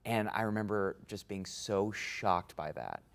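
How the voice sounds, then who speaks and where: A man in his twenties, an actor being interviewed, talking in a casual, animated way and laughing through his stories. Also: fairly low pitch, unhurried, vocal fry. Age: 20s. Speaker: guest actor.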